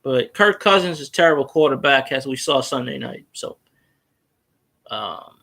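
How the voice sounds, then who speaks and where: A man's voice: mid-range voice, normal speed, gravelly. A man hosting a casual solo fan chat, rambling and swearing as he tells stories about arguing with rival fans. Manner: profane, rambling, animated storytelling. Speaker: fan show host.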